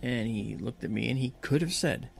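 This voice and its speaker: A man telling a story on a podcast in a lively, casual way and acting out the dialogue. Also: medium pitch, normal speed, creaky. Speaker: podcast guest. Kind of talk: casual spoken anecdote.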